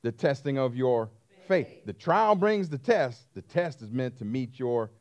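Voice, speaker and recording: A man's voice: medium pitch, lively intonation, unhurried, a little mellow. A man preaching a sermon as pastor, emphatic and repetitive, calling out questions to his congregation.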